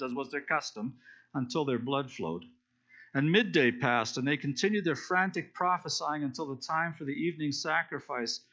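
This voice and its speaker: On a dull lo-fi recording, a man with a mid-range voice that sounds pushed and bright teaches a Bible study. He retells a scripture story conversationally, explaining as he goes, with fillers and restarts.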